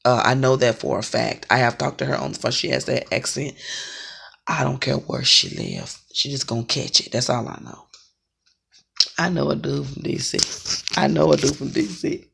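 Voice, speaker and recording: Ranting online reader, confrontational and repetitive; rough husky voice with heavy fry. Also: mid-range voice, very animated, moderate pace, a bit bright. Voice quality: gravelly and husky. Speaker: online psychic reader on a live stream. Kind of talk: angry ranting monologue.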